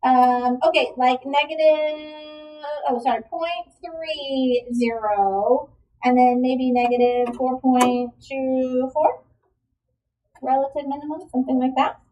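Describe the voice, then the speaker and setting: High-voiced woman teaching a math class. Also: fairly even intonation, slow, recorded from a distance, lo-fi sound. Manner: encouraging, checks in with questions. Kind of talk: classroom lecture.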